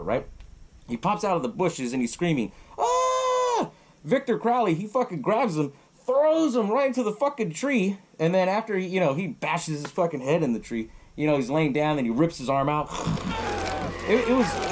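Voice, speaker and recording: A podcast host, a man, retelling a horror film in a loose, profane way and laughing often. His pitch jumps around a lot as he narrates. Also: a little mellow. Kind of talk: casual film recap.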